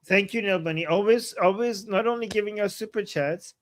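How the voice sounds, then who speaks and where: A man co-hosting a casual livestream, playful and quick to laugh as he thanks viewers. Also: high-pitched. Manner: playful, animated, laughs easily. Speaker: livestream co-host.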